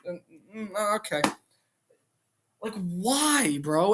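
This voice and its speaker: A man reviewing a wrestling show in a casual vlog, ranting in an animated, exasperated way and firing off rhetorical questions. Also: high voice, takes it slowly, long pauses, husky.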